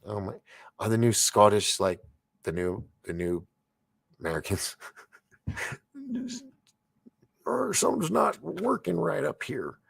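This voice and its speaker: A man in his forties hosting a late-night livestream, rambling excitably with stammering restarts as he reads viewer comments aloud. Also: mid-range voice, slow pace, vocal fry, pauses often, slightly rough, no room sound. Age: 40s. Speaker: livestream host.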